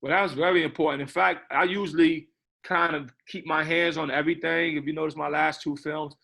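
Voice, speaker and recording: Bright-voiced man director, rambling. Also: fairly high pitch, steady tone, fairly quick, creaky. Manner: rambling, repeats words, says "you know what I mean". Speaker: film director interviewed. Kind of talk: casual interview talk.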